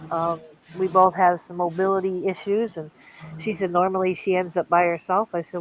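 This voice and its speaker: An older woman hosting a livestream, telling a family story in a casual, animated way and acting out the voices of the people in it. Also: lowish voice, moderate pace, lo-fi sound, a little hiss or hum. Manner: animated, acts out quoted voices. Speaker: livestream host.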